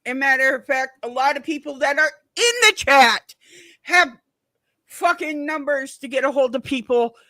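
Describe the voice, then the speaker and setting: A woman's voice: high-pitched, normal speed, no room sound. A woman live streamer chatting casually with her audience, blunt and profane as she tells her stories. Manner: blunt and profane, animated storytelling. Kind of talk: casual livestream chat.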